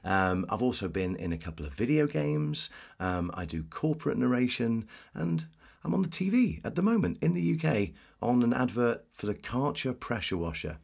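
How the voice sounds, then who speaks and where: A man's voice: medium pitch, big pitch swings, normal speed, gravelly, a little mellow. A man from Devon who works as a voice actor, chatting playfully and jokingly in a casual comic conversation. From Devon, England. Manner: playful, jokey, slips into impressions. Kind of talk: casual comic chat with accent impressions.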